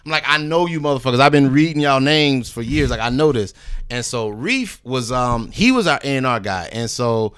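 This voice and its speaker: On a podcast, a recording artist guest tells a long story in a casual, laid-back way, cursing freely, imitating the people he quotes, and tossing in "you know what I mean" asides. His mid-range voice is animated, clear, resonant and a little bright, at a normal speed. The studio-quality recording has no room sound.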